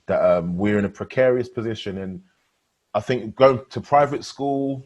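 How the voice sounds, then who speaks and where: A man from England hosting an interview, speaking in a measured, reflective way in a casual conversation. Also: on the low side, darkish tone, highs cut off. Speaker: interview host.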